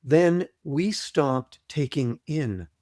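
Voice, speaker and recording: A man guesting on an interview podcast, explaining things deliberately, repeating his points and often clearing his throat. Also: fairly high pitch, animated, a little mellow, no room sound, clean studio sound. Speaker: guest, trauma author. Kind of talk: conversational interview, teaching.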